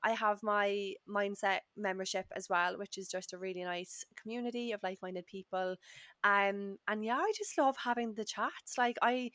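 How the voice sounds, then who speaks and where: A woman's voice: medium pitch, normal speed, pushed and bright, no echo. A woman mindset coach and podcast guest, speaking in an upbeat, encouraging way. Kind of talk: casual podcast chat.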